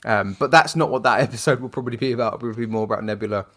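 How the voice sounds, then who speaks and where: A podcast co-host chatting casually at a medium pitch. He rambles, hedging his points with plenty of filler. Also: racing, a bit bright. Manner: rambling, hesitant with many fillers.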